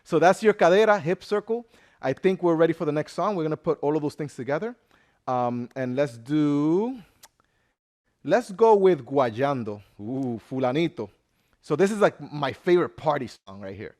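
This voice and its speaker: A man's voice: on the high side, lively intonation, normal speed, darkish tone. Upbeat man counting dance steps. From Dominican Republic. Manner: upbeat, counting steps aloud in English and Spanish. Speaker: dance instructor. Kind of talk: live dance class instruction. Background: merengue music playing.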